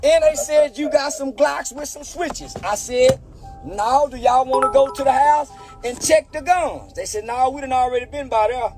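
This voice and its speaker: A man's voice: extremely high pitch, moderate pace, over music. A man telling a profane anecdote and acting out the voices of the people in it. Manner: drawling, profane, switches into other people's voices. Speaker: storyteller in a played clip. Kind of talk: animated anecdote with acted-out dialogue.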